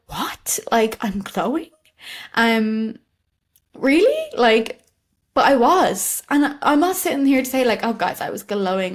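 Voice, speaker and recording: A woman in her late twenties hosts a reflective solo podcast. She speaks in an earnest, candid way at a middling pitch, often pausing on fillers and starting sentences over. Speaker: podcast host.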